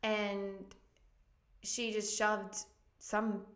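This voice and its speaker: A woman's voice: medium pitch, little pitch movement, drawn-out words, fairly bright tone. A woman pastor giving a candid, emotional personal testimony as a podcast guest, earnest and full of ums and likes. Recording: echoey room.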